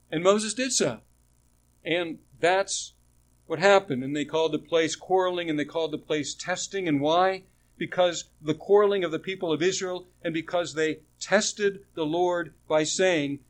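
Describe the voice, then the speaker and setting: Male pastor, slightly higher voice, chatty sermon with rhetorical questions. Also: a little slow. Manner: conversational, rhetorical questions, frequent restarts.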